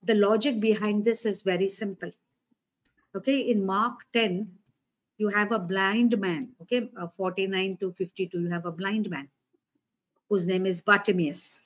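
Woman preaching a casual, lively sermon. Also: medium pitch, normal speed. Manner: conversational, animated, asks listeners questions.

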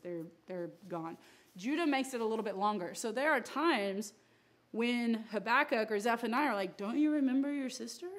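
A woman's voice: mid-range voice, fairly bright tone. Woman Bible class teacher, chatty and playful, easy mid-range voice. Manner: chatty and playful, acts out biblical voices with laughs. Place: church classroom.

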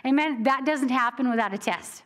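A woman with a high, bright-toned voice delivers a sermon in church. She talks in a loose, conversational way, animated and quick to laugh, and slows down to read scripture. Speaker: preacher.

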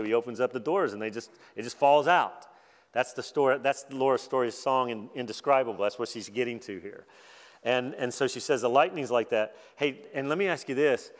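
A man preaching a sermon as a guest speaker, talking in a relaxed, self-deprecating way and turning animated when he acts out the verses he quotes. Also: mid-range voice, long reverb tail. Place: large church hall.

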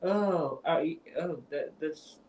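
A man's voice: fairly high pitch, slow pace, a little mellow, rough recording. A nineteen-year-old man from India speaking in a put-on Canadian accent, hesitant and stammering in a casual video chat. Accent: put-on Canadian English. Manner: hesitant, stammering, laughs often. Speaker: chat stranger. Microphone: video call.

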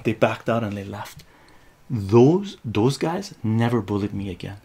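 Gravelly, lively man. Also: lowish voice, measured pace. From Iran. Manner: profane and animated, tags lines with "right?". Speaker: live streamer. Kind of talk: casual storytelling on a live stream.

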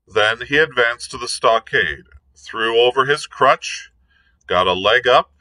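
A male librarian reading a novel aloud in a measured, even storytelling manner. His lowish voice sounds bright and forceful, and he takes his time. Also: low-quality recording. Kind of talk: read-aloud narration.

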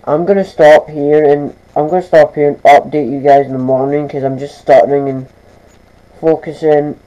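Teenage boy, stammering casual vlog, slightly high voice, mellow tone. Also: fairly even intonation, normal speed, low-quality recording. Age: teens. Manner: stammering, restarting sentences. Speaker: vlogger. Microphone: camera mic.

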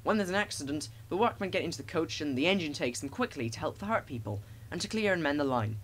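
A man voicing a calm, plain-spoken engine driver explaining things in a storybook reading. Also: a little high, fast talker, slight background noise, low-quality recording.

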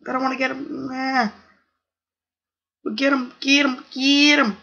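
A gaming channel host giving live gameplay commentary, excitable, repeating short cries of no and come on and exclaiming oh my goodness. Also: sits high, a little slow, vocal fry, long pauses, muffled recording.

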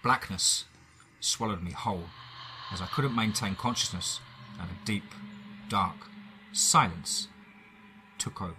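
A deep-voiced man with an English accent dramatically narrates a first-person horror story, using pauses and shifting loudness. There's slight background noise.

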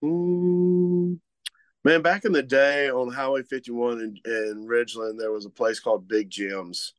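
Speaking a little slowly in a steady, mid-range voice, a Mississippi man chats on a podcast as guest co-host for a butcher shop. He is relaxed and rambling, full of fillers, and there's no echo.

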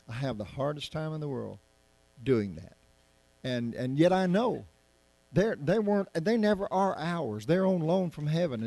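A man's voice: a little high, gravelly, a little mellow, no echo. A male pastor preaching verse by verse, in a conversational style and often putting rhetorical questions to his listeners. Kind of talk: Bible-study sermon.

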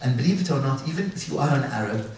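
A man from the UAE giving a conference talk with slides, halting often with fillers and restarts. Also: mid-range voice, lively intonation, darkish tone. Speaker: conference speaker. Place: large conference hall. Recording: echoey hall, distant mic, faint noise.

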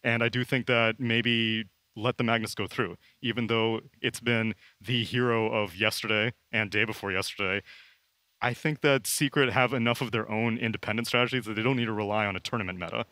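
A man analyzing esports strategy on a live panel in an animated, laughing way, acting out hypotheticals. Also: on the low side, a little fast, no room sound.

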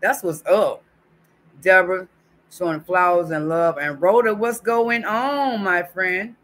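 A man's voice: sits high, a little slow, a bit bright. Chatty man streaming live. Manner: affectionate, chatty, reads viewer comments aloud. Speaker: YouTube livestream host. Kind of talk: casual livestream chat.

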